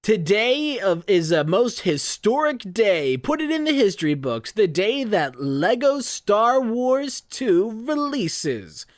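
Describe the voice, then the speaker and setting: A podcaster voicing a pompous little would-be villain who makes grand, slow proclamations. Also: mid-range voice, very animated, no echo, clean studio sound, pitched above the performer's own voice. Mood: proclaiming.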